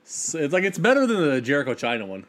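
A man's voice: fairly high pitch, wildly swooping pitch, very fast, a bit bright. A man co-hosting a casual podcast, blunt and sweary in banter. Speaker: podcast co-host. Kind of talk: casual chat.

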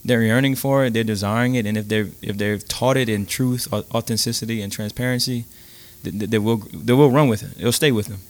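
A man guest on a faith podcast, telling stories in a lively, halting way with many restarts. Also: fairly low pitch. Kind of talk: casual storytelling.

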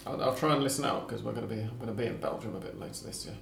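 A man's voice: medium pitch, very fast, gravelly, reverberant, background noise. A man hosting a casual football podcast, chatty and explaining details for listeners. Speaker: podcast host.

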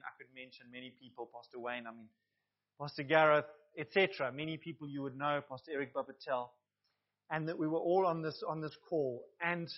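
Man preaching a sermon, slightly high voice. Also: highs cut off. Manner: earnest preaching with asides to the congregation. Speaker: pastor.

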